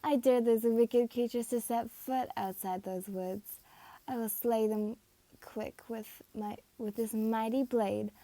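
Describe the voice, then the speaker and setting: A woman's voice: mid-range voice, moderate pace, hardly any pauses, warm tone, dry recording, close to an everyday voice. A woman voicing a haughty, cocky young male swordsman in an amateur fan story reading. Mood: boastful. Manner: boastful, self-assured.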